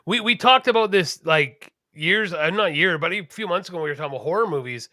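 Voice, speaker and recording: A man co-hosting a podcast, chatting casually in a profane, rambling, animated way. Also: high voice, fairly quick, no room sound, studio quality. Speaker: podcast co-host. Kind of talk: casual chat.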